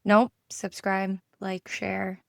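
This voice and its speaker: A woman co-hosting a podcast in casual chat, her voice hoarse, telling stories and acting out the dialogue. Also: medium pitch, completely flat delivery, extremely slow, no room sound, studio quality. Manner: storytelling, acts out quoted dialogue. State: hoarse from yelling. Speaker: podcast co-host and enneagram coach.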